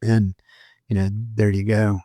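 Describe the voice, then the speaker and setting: A man's voice: fairly low pitch, little pitch movement, unhurried, dark tone, no room sound, studio quality. A man in his fifties, a retired sheriff's deputy, telling rambling stories in a casual interview and laughing at himself. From Florida, USA.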